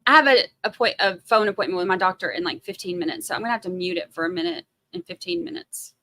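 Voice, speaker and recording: A woman's voice: fairly low pitch, big pitch swings, fast talker, pushed and bright. A woman with a Southern US accent hosting a casual livestream, rambling and chatty as she reads out viewer comments. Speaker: livestream host.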